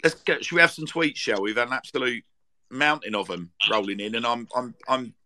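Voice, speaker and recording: A man's voice: mid-range voice, a little fast, sharp tone, rough recording. A man hosting a football fan podcast, chatting casually and reading listener tweets aloud in a rambling way, with many ums and restarts. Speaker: podcast host.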